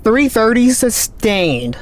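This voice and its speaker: A man streaming a game live, calling out readings with excited running commentary, his voice cracking. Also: high-pitched. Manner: excited, calls out numbers rapidly. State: voice cracking, thirsty. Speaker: gaming streamer.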